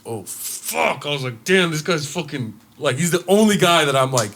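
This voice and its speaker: Animated bright-voiced young man telling stories. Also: a little high, a little fast, a little hiss or hum. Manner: animated, swearing, gets loud and excited telling stories. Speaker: podcast co-host. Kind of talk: casual chat, storytelling.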